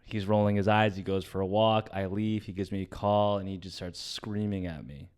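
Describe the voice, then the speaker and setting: Low, smooth-voiced man telling a story. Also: fairly even intonation, normal speed. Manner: storytelling, frequent swearing, trails off softly. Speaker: podcast co-host. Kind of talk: casual chat.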